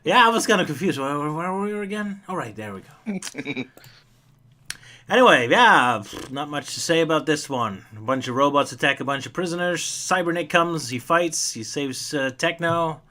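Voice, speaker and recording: A man's voice: on the high side, normal speed, pushed and bright. A man hosting a casual comic review chat, joking and laughing often. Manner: laughs often, playful jokey asides. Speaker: podcast host.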